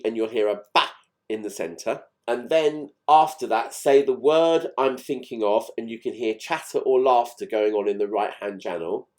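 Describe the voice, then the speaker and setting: A man's voice: mid-range voice, a little mellow. A man chatting through fine recording details of old songs in a casual, enthused, explanatory way. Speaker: music channel host.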